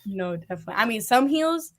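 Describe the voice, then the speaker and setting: A woman's voice: a little high, expressive, quick pace, fairly bright tone. A woman hosting a casual interview, chatty and enthusiastic, laughing often. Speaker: podcast host.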